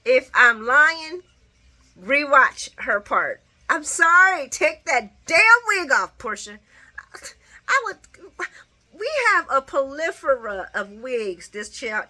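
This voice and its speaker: A woman's voice: fairly high pitch, pushed and bright. A woman giving a casual, opinionated recap of a soap opera, laughing often and cursing.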